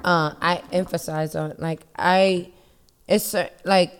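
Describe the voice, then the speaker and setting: A New York woman with a somewhat low voice hosts a relaxed group chat. She is playful and animated, laughing often as she talks. Her accent is a plain Bronx one. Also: takes it slowly, clean tone. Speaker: podcast host. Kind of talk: casual chat.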